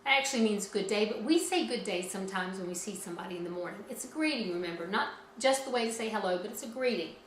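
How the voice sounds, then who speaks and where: A woman's voice: medium pitch, quick pace, few pauses, echoey room, a little hiss or hum, rough recording. A woman teaching a children's music lesson in a cheerful, encouraging way, talking straight to the kids.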